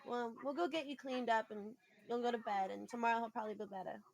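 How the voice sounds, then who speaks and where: A woman taking part in a tabletop role-playing game. She speaks calmly and gently. Her voice sits somewhat high. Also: fast talker. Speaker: player. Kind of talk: in-character tabletop play.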